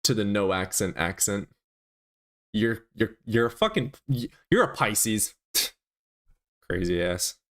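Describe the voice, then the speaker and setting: A man's voice: lowish voice, expressive, takes it slowly, long pauses, fairly bright tone. A man hosting a live stream, chatting casually with viewers in crude, teasing banter full of swearing.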